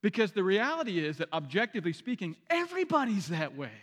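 A man's voice: sits high, huge pitch swings, fast, fairly bright tone. A man preaching a sermon as a pastor, in a conversational style that repeats phrases, restarts sentences and puts direct questions to the congregation. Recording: long hall reverb.

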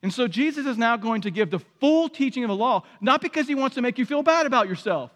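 A man preaching a sermon as pastor, emphatic and repeating his key phrases, often climbing to loud peaks. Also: very high-pitched, expressive, fast. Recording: long hall reverb.

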